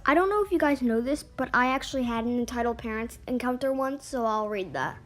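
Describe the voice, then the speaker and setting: A woman with a slightly high voice reads an online forum story aloud at a fairly quick pace, stumbling and restarting now and then. Faint music plays in the background.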